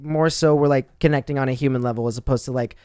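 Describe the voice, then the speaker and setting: A young man hosting a casual chat, warmly and effusively telling stories about a friend. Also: medium pitch, quick pace, smooth, no echo, clean studio sound. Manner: warm, effusive, animated storytelling. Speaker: host.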